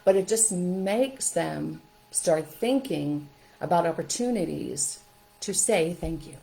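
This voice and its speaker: Middle-aged woman, host, casual parenting advice, upbeat, practical, slightly low voice. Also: expressive, slow, gravelly, mellow, slight background noise, low-quality recording. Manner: upbeat, practical, checks in with "okay?". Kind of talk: casual how-to talk to camera.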